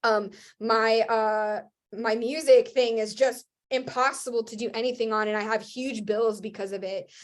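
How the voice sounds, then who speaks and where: Lively, slightly high-voiced young woman telling her story. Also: moderate pace. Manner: animated, acts out what people said; rambling with many fillers and restarts. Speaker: guest, Christian rock singer. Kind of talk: casual interview storytelling.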